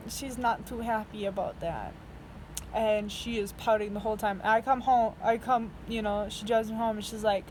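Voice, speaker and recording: A woman's voice: mid-range voice, fairly even intonation, moderate pace, a little mellow, a little hiss or hum, low-quality recording. A woman in her twenties telling a story in a casual vlog, rambling, chatty, and laughing often. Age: 20s. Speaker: vlogger.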